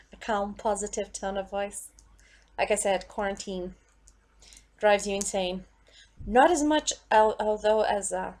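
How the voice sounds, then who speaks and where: A woman's voice: mid-range voice, darkish tone. A woman vlogger at home, ranting in an exasperated, emphatic way and swearing freely.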